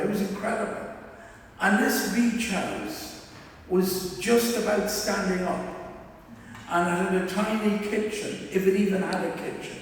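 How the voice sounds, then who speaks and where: A man with a high voice tells a chatty, self-deprecating story as a sermon, chuckling at his own jokes. He is picked up from far off in a church with a long, echoing reverb. A faint hiss sits underneath. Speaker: preacher. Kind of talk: anecdotal sermon. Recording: echoey church hall from far off.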